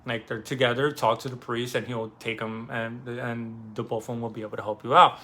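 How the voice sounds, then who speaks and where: A young man talks through a novel's plot in loose, casual speech. His voice is bright and forceful, at a middle pitch. He rambles, swears freely and acts out the characters' words. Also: flat delivery, a little fast. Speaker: book discussion host. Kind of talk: casual book summary.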